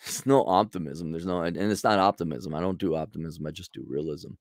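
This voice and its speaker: A man's voice: low-pitched, fairly quick, no room sound, clean studio sound. A man hosting a casual commentary monologue, answering a viewer's question in a blunt, sarcastic, rambling way.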